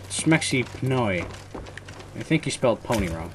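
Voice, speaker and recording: A young man giving live commentary on his own gameplay, muttering one moment and yelling curses the next. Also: mid-range voice, sing-song, normal speed, slight background noise. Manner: swings from muttering to loud swearing rage. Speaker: gamer recording his match.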